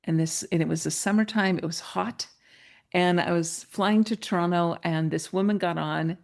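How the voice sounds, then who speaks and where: A woman guest, a mentor and coach, telling a personal story in an interview, animated and laughing, her pitch jumping up when she gets excited. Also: moderate pace, gravelly.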